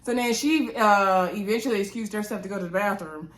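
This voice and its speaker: A chatty woman recapping a reality show in a loose, gossipy way, tossing in playful asides and quick laughs. Her voice sits at an ordinary, middle pitch for a woman. She fills the gaps with plenty of ums and "you know"s. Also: a bit bright. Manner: frequent fillers and quick laughs. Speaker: reality TV reviewer. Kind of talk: casual recap review.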